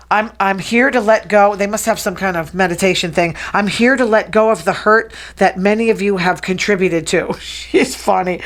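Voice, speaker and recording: Woman, gossip show host, rapid chatty delivery, opinionated, a bit high-pitched. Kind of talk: casual gossip commentary.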